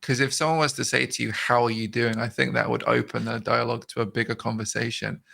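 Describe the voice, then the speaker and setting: British male host, casual chat, gravelly, bright, laughs easily. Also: mid-range voice, quick pace. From Britain. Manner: laughing, animated, swearing casually.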